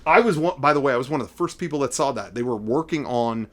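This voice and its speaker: A middle-aged man hosting a casual collecting vlog, rambling and excitable, playing up mock emotion. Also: medium pitch, fast. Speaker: vlogger showing figure collection.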